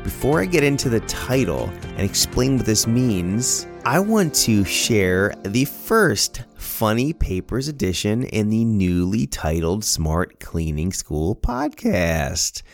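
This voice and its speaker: A middle-aged man hosting a podcast, telling a story in a casual, animated, self-amused way. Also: lowish voice, slow pace, hardly any pauses, soft background music. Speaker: podcast host.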